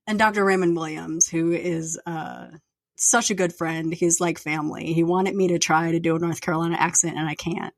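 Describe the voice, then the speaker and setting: A woman's voice: fairly low pitch, fairly even intonation, normal speed, dry recording. A woman hosting her own podcast, talking casually and candidly, rambling and venting with plenty of fillers. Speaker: podcast host and author. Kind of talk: casual solo podcast rant. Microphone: plugged-in podcast microphone.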